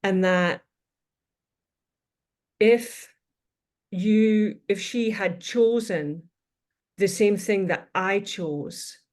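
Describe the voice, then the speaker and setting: A woman's voice: lowish voice, darkish tone. A woman in her fifties, a podcast guest telling a personal story in a thoughtful, reflective way, often circling back to restate her points. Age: 50s.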